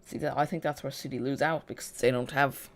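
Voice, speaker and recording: Football watch-along host, casual live chat, mid-pitched voice, restarts mid-sentence, dry sarcastic asides. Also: fairly even intonation, a little fast. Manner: chatty, self-correcting, dry sarcasm.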